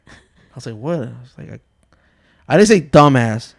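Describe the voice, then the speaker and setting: A man's voice: mid-range voice, animated, moderate pace, pauses often, no echo, studio quality. A man in his thirties hosting a casual podcast chat, joking and telling family stories, swearing freely. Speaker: podcast host.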